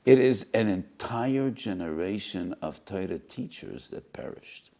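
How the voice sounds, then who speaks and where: A man's voice: low-pitched, expressive, measured pace, mellow. An older man, giving an earnest Torah lecture that rises to emphatic peaks. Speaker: rabbi.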